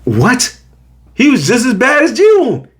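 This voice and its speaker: Slangy, animated young man reviewing a show. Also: very high voice, slow. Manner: slangy, animated storytelling with voiced reactions. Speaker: show host reviewing a series.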